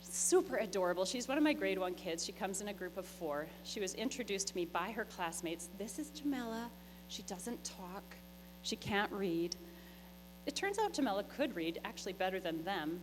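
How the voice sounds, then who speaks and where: A middle-aged woman, a missionary teacher telling lively stories to a congregation and acting out the dialogue. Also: lowish voice. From Canada. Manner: lively, anecdotal, acts out dialogue. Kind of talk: storytelling presentation. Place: church hall. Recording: echoey church hall with mains hum.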